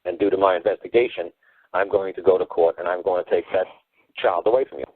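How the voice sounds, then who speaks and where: A man's voice: low voice, fairly even intonation, quick pace, no echo. A man giving emphatic, rambling advice on a call-in talk show, heard over a phone line. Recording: tinny dry phone line.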